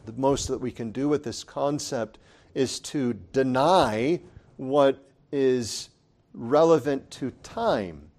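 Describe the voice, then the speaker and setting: Slow, emphatic preaching man. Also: medium pitch, darkish tone. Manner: deliberate, emphatic, repeats key phrases. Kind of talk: sermon.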